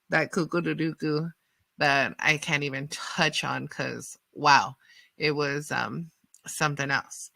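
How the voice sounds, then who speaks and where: Bright-voiced woman telling a wild story. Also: on the low side, creaky, dry recording. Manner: animated, lots of fillers and acted-out quotes. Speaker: radio host. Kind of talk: casual storytelling.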